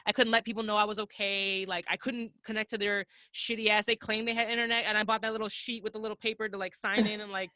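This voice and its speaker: A woman's voice: mid-range voice, fast, few pauses, dry recording. A young adult woman, a podcast guest, telling travel stories in casual, profane chat and acting out the voices she quotes. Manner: profane, animated storyteller who acts out quoted voices.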